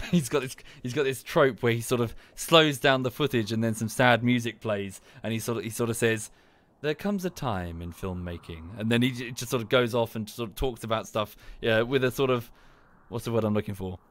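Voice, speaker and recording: A man streaming a game, rambling in a casual chat that turns into heated ranting with sudden high outbursts. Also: steady tone, normal speed, a bit bright. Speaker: gaming streamer.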